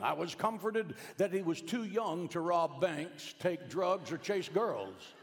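A middle-aged male pastor telling a family story in a sermon, swinging from hushed lines to emphatic bursts. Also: sits high, expressive, slow pace, few pauses. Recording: long hall reverb.

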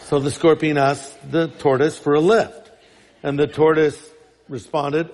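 Male pastor, sermon, emphatic, rhetorical questions, high voice, long hall reverb. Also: flat delivery, measured pace, a little mellow.

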